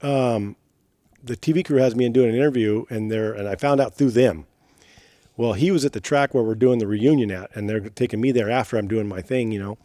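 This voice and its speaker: A man's voice: medium pitch, warm tone, no room sound. A middle-aged man, a retired racer being interviewed, chatting casually in a rambling way with frequent self-corrections.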